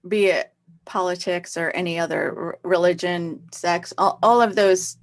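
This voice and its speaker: A woman's voice: on the low side, steady tone, a little slow. A woman co-hosting a live talk show, chatty and teasing in casual conversation. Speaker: co-host.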